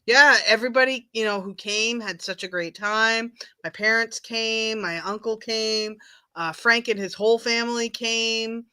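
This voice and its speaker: A woman's voice: fairly high pitch, unhurried, bright, forceful tone, clear, resonant tone. A woman co-hosting a casual chat show, talking in a chatty, giggly way. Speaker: podcast co-host.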